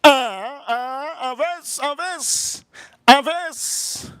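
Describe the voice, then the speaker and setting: A man putting on the voice of his friend's exasperated older father, with high, drawn-out, incredulous calls. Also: pushed and bright, no echo, heavily acted.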